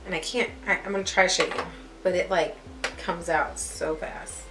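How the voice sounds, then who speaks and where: A woman's voice: lowish voice, steady tone, moderate pace. Chatty young woman vlogger in an echoey room. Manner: chatty, self-deprecating, laughs at herself. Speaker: beauty vlogger. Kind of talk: casual rambling chat to camera. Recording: echoey room with faint music.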